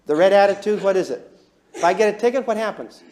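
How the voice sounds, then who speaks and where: A man teaching a class, animated and often chuckling as he talks, and quizzing his listeners. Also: sits high, quick pace, slight background noise. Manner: animated, chuckles while talking, quizzes the audience. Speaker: instructor. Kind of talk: classroom lecture.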